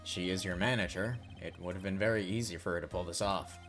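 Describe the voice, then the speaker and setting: A man's voice: sits low, brisk, fairly bright tone, faint music behind. A man reading as an earnest young defense lawyer. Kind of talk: reading game dialogue aloud.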